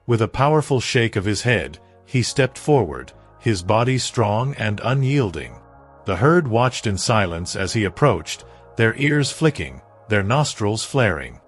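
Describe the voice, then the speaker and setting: Guy reading a dramatic story, low voice, swoops up and down a lot, soft music behind. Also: big pitch swings, unhurried. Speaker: narrator. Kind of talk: dramatic scripted narration.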